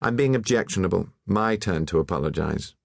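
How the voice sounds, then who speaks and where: A man voicing a brusque, prickly young woman painter who speaks in a gruff, curt way. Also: deep voice, expressive, a little fast, dry recording, studio quality, heavily acted. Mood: brisk.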